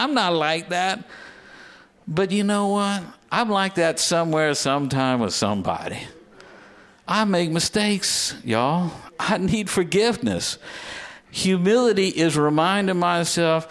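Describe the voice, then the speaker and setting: Animated, conversational preacher man. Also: normal speed. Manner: lively, conversational preaching with self-mocking humor; addresses the congregation directly, drops to low earnest tones for scripture. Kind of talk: sermon.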